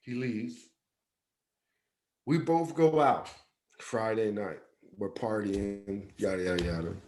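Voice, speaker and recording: A man's voice: lowish voice, takes it slowly, a little mellow. A man co-hosting a podcast, telling a personal story in loose everyday speech and acting out the lines of the people in it. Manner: loose, conversational, acts out quoted dialogue, repeats "yada, yada". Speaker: podcast co-host. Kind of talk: personal storytelling in casual chat.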